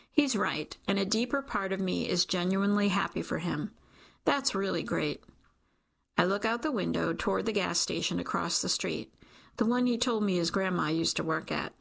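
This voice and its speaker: Brief: woman narrator for a first-person audiobook, intimate and emotional, with a gravelly fry. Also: on the low side, expressive, normal speed.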